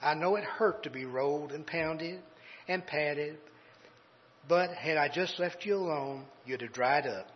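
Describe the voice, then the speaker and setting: A man voicing a patient, gentle master potter who explains himself quietly and calmly in a told story, on a dull recording in a reverberant hall. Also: a little high, slight background noise, natural voice. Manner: quiet, calm, measured.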